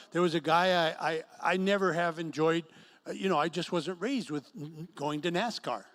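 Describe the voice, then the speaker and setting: A man's voice: a little high, fairly bright tone. A middle-aged man preaching a sermon to a singles group in an event room, telling stories and acting out quotes. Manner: storytelling with acted quotes. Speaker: pastor.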